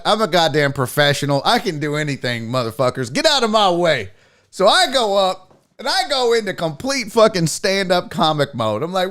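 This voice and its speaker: Animated, foul-mouthed male storyteller. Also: sits high. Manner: animated, profane, acts out quotes. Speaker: podcast host. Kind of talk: casual storytelling.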